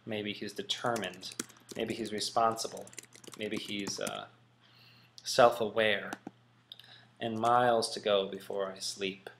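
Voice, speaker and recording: Relaxed man musing through a lesson. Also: lowish voice, a little hiss or hum. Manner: relaxed, musing, with frequent ums and hedges. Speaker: teacher. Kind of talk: casual classroom explanation.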